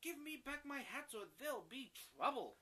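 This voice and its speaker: A man voicing a cross, fretful grown-up hat seller in a children's story, shouting higher and louder than his narration. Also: big pitch swings, moderate pace, noisy background. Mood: angry.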